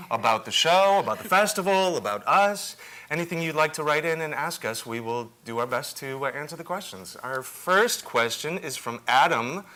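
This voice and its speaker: A man leads a live cast panel, reading viewer questions and chiming in. His voice is bright and forward, and his manner stays upbeat and casual. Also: a little high. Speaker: panel moderator and actor.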